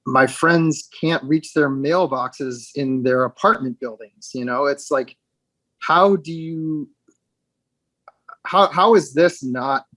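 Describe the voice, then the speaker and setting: A man speaking as an interview guest, reflective and halting, with frequent restarts and fillers. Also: fairly high pitch, fairly bright tone, no room sound. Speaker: guest, actor with dwarfism.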